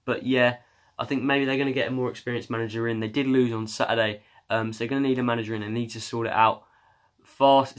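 A man's voice: medium pitch, a bit bright. Rambling football vlogger, man. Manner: rambling, hesitant, lots of ums and uhs. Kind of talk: casual chat.

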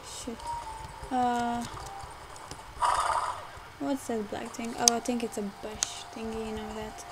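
Slow rambling young woman gamer. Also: a little high, level tone, heavy background noise. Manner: rambling, easily frustrated, lots of fillers. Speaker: game let's player. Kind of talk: casual gameplay commentary. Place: home room, car audible outside.

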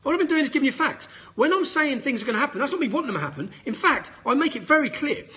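Fired-up man, high and tense. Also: lively intonation, racing, bright, forceful tone. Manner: emphatic, indignant, blunt. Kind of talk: direct-to-camera statement.

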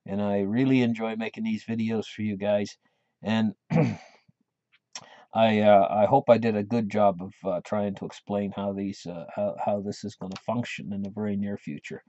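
A man's voice: on the low side, fairly even intonation, moderate pace, dark tone, no echo. Guy rambling on his channel, stops and restarts a lot, dry dull mic. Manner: rambling, with many repeated restarts and fillers. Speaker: channel host. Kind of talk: casual monologue.

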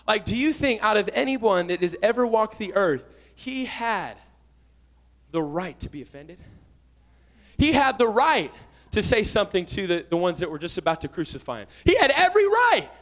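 A young man preaching with a notably high voice, fervent and urgent. He swings from hushed asides to loud shouted calls, keeping a lively, personal sermon tone. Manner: fervent, rising to shouts, with quick asides and laughs. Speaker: guest preacher.

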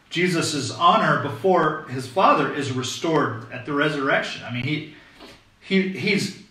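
Male pastor, slightly high, bright voice; conversational, emphatic sermon; distant mic, echoey hall. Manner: conversational, emphatic preaching with frequent "okay?" check-ins.

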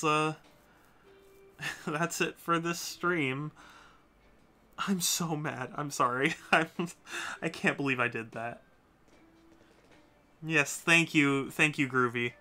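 A man's voice: mid-range voice, bright, forceful tone, clear, resonant tone. A man chatting casually on a live stream while playing a game, often repeating himself and scolding himself. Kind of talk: casual live-stream chat over gameplay.

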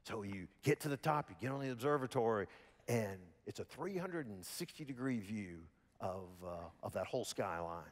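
A man with a Southern American accent from Alabama, preaching a sermon in a folksy storytelling manner with lively voiced quotes. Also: fairly low pitch, moderate pace, big-room sound. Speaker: pastor. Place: church sanctuary.

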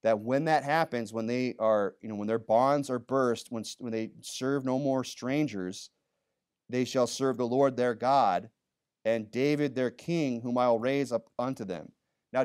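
A male pastor preaching a sermon in a church, talking conversationally and reading scripture aloud in a raised voice. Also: medium pitch. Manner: conversational, frequent "you know" and "okay?", reads scripture louder. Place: church sanctuary.

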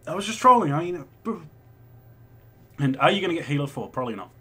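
A man's voice: on the high side, sing-song, quick pace, pushed and bright, slightly rough. A man in his twenties, chatting casually as a vlogger answering viewer questions, rambling and swearing as he goes. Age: 20s. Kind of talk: casual chat.

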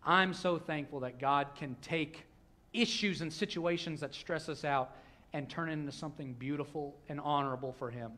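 A male pastor, preaching a sermon in a church with a conversational manner that swings between hushed and loud. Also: a little high, moderate pace. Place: church sanctuary.

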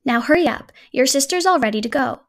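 A woman voicing a calm storybook mom, reassuring, slightly raised pitch, a gravelly edge. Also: fast. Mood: patient. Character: patient, gently firm mother.

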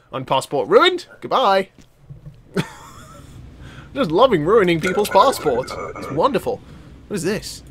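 Excitable man playing a game. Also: on the high side, slight background noise. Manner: excitable, swears and laughs, talks to game characters. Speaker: gaming channel host. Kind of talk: let's play commentary.

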